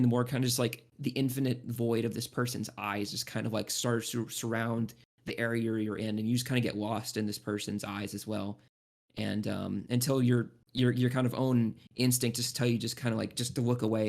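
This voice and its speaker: A man narrating as game master of a tabletop role-playing game, halting and rambling with many restarts. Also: mid-range voice, creaky, a little mellow.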